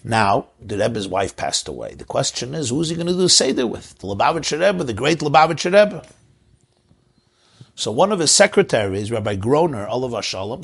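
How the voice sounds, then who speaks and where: Gravelly, animated rabbi telling a story. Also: male voice, medium pitch, brisk. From Crown Heights, Brooklyn. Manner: emotional, animated storyteller with Yiddish and Hebrew words. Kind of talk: storytelling sermon.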